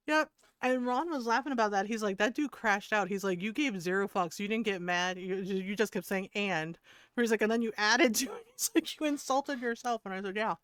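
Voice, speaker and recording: Woman streamer, middle-aged, casual chat, blunt, laughs a lot, crisp voice, dry sound. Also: medium pitch, moderate pace, no room sound. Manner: blunt, profane, laughs often. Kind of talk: casual chat while gaming.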